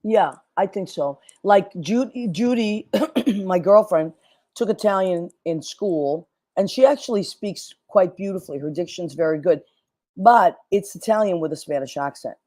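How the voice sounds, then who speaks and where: A woman's voice: on the low side, animated, dark tone, no room sound. Chatty effusive woman host, dry sound. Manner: chatty, effusive, fast and rambling. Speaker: show host. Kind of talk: casual chat.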